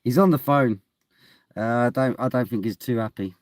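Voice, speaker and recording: A man's voice: medium pitch, normal speed, darkish tone, no echo, studio quality. A man chatting casually to his phone camera from inside a parked car at night, in a wry, mumbling way. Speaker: vlogger.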